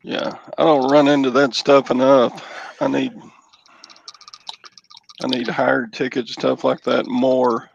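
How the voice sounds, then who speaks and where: A man's voice: mid-range voice, flat delivery, a little slow, creaky, pauses often, muffled recording, a little hiss or hum. A man on a group video call, chatting plainly in casual talk. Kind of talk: casual chat.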